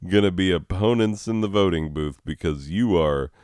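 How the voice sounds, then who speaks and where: A man's voice: sits low, moderate pace, a little mellow, smooth, dry recording, studio quality. A man who works as a schoolteacher, rambling and swearing through casual game commentary and laughing at his own jokes.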